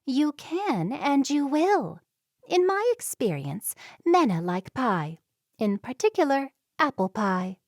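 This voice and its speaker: A woman's voice: high-pitched, big pitch swings, takes it slowly, darkish tone, dry recording, studio quality, voice pushed up, full character voice. A woman voicing a motherly Amish woman in an audiobook, speaking in a firm, knowing way.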